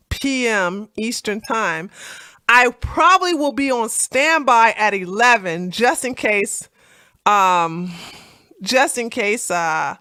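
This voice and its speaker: A woman hosting a casual political chat livestream, animated and laughing, with lots of fillers and restarts. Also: fairly high pitch, no echo, clean studio sound. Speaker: livestream host.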